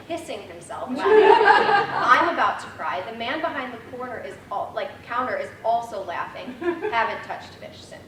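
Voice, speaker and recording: A young woman in her twenties shares funny memories at a memorial, chatty and full of fillers. She sounds far from the mic in a roomy, echoing hall. The noisy room is clearly heard behind her. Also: fairly high pitch. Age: 20s. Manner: chatty, laughing, storytelling with many fillers. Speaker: granddaughter giving a eulogy. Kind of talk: memorial speech with funny stories.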